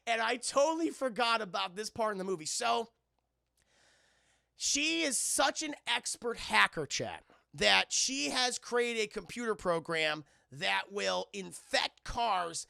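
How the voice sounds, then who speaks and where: A man excitedly recapping a film to a live stream chat, in a rapid, profane, animated storytelling manner. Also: sits high, creaky, dry recording, clean studio sound.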